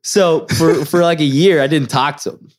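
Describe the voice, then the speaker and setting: A young man who grew up in Sweden, a podcast guest telling lively anecdotes in casual chat and acting out the voices of the people in them. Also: on the high side, normal speed. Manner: animated storyteller, acts out voices in quoted lines. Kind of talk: casual storytelling.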